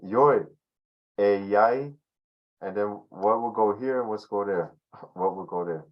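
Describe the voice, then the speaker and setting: A man's voice: lowish voice, takes it slowly, highs cut off. A man teaching a language class online in a loose, conversational way, full of fillers and restarts.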